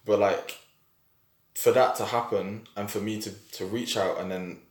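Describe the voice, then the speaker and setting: A man's voice: fairly low pitch, fairly even intonation, a little slow. A man hosting a podcast, talking openly and reflectively in a casual chat. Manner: reflective, open, informal. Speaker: podcast host. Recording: echoey room.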